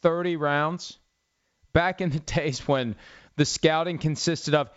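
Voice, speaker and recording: Slow and clear, his fairly high voice has a resonant tone and mostly even intonation. He is a middle-aged football talk show host spinning rambling, wry, sarcastic stories as a casual sports monologue. The lo-fi recording sounds slightly dull.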